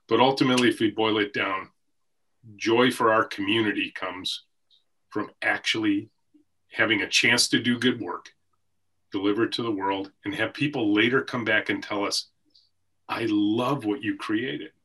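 Brief: middle-aged male CEO guest, reflective storyteller, slightly lower pitch, husky timbre. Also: sharp tone. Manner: reflective, story-telling, occasional laughs. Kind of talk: conversational podcast interview. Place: office with a team room behind him.

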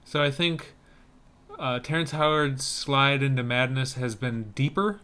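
A man's voice: mid-range voice, measured pace, pushed and bright, smooth. A man co-hosting a casual podcast, chatting about movie trailers with wry, joking banter. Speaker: podcast co-host.

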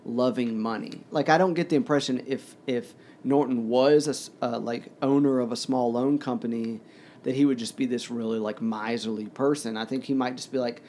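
Casual male discussant, halting, dark-toned voice. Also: medium pitch, steady tone, slight background noise. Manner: hesitant, many fillers and restarts.

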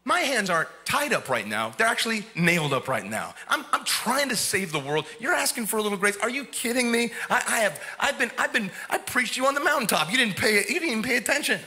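A man voicing an exasperated figure on a cross, who scolds with rapid, incredulous complaints. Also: high voice, sing-song, sharp tone, exaggerated voice.

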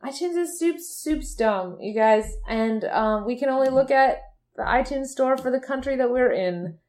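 A young woman from Michigan with a Midwestern accent, co-hosting a casual podcast, chatty and quick to giggle. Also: high voice, expressive, darkish tone. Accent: Midwestern American. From Michigan, USA. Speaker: podcast co-host.

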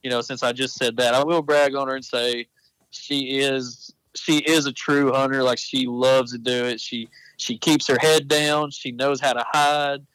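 Guy telling a hunting story, keeps restarting and correcting himself, mid pitch, dry mic. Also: level tone, measured pace, a bit bright, clean tone, dry recording, low-quality recording. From Texas. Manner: rambling, self-correcting storyteller. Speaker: podcast guest, apparel company founder. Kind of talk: casual storytelling chat.

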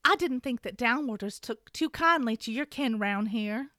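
A woman's voice: a little high, expressive, moderate pace, pushed and bright, no room sound, clean studio sound. A woman doing a drawling Southern woman warrior. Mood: sly. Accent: put-on American Southern.

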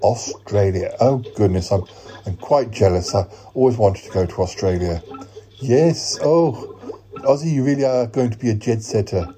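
A man's voice: lowish voice, lively intonation, moderate pace, dark tone, faint music behind. Hesitant man hosting a comedy podcast. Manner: hesitant, many ums and uhs. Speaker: podcast host. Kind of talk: comic improvised sketch.

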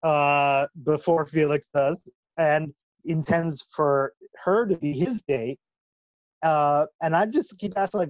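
A man co-hosting a podcast, chatting casually with hesitant, halting phrasing. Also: fairly high pitch, no room sound, dull audio. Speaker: podcast co-host. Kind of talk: casual chat.

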